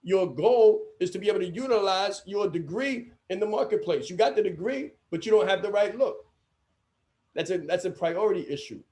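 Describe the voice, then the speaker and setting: A man with a notably high voice leads a training session for coaches. He speaks emphatically and circles back to repeat his main points. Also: lively intonation, normal speed, warm tone. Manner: emphatic, repeats key phrases.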